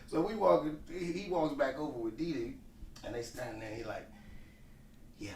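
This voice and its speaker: A man's voice: medium pitch, moderate pace, darkish tone. Man, casual co-host, swearing and laughing, roomy, distant from mic, noisy background. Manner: laughing, profane, emphatic. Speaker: podcast co-host. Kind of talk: casual storytelling.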